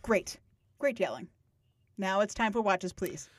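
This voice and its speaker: A young woman co-hosting a podcast in casual chat, playful and quick to laugh. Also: medium pitch, no echo. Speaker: podcast co-host.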